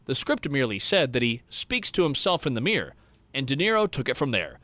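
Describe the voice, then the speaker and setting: A man giving scripted narration of movie trivia in a brisk, reading style. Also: medium pitch, big pitch swings, sharp tone, no room sound.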